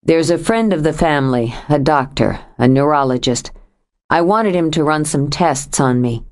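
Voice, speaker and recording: A woman voicing a troubled grown man who speaks in a low, steady, earnest way as he confesses to his lover in an audiobook. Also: normal speed, close to an everyday voice. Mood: earnest, pleading. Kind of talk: audiobook character voice.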